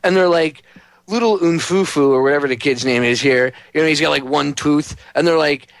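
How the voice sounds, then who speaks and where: A man's voice: fairly high pitch, steady tone, a little fast, creaky, dry recording. A man hosting a talk radio show, ranting in casual, profane banter and mimicking other people's voices. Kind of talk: casual podcast chat.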